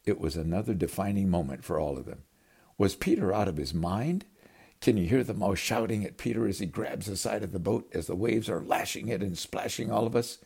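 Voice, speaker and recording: A man's voice: on the low side, brisk, vocal fry, darkish tone, breathy edge. A man preaching a storytelling sermon, acting out the scenes and calling his listeners his friends. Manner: dramatic storytelling, acting out voices.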